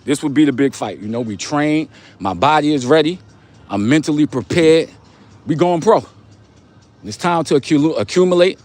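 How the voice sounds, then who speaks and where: A man's voice: a little high, lively intonation, normal speed, darkish tone, faint music behind. A young man from Long Island, hosting a casual livestream, giving motivational talk in street slang and repeating his points. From Long Island, New York. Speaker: livestream host.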